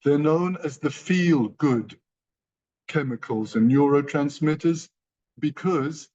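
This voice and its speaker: A man's voice: a little high, takes it slowly, mellow. A man giving a motivational training talk to company partners, emphatic and repeating key phrases. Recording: dull lo-fi sound.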